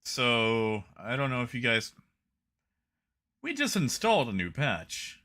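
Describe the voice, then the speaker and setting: Wry bright-voiced male streamer. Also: medium pitch, wildly swooping pitch, slow. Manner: wry, reads patch notes aloud with dry jokes. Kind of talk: casual live-stream chat.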